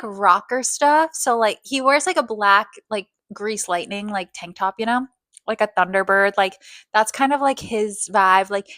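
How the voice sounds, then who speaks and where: Woman telling a story, fairly high voice, dry sound, rambling, swearing. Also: a bit bright, no echo. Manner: rambling, heavy filler "like", profane. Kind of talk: casual storytelling.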